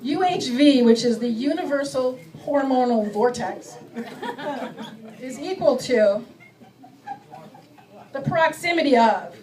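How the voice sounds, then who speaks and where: A middle-aged woman doing a stand-up comedy set, self-mocking and acting out her bits with quick shifts of voice. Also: high voice, expressive, a little mellow, recorded from a distance, poor audio. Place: comedy club stage before a live audience.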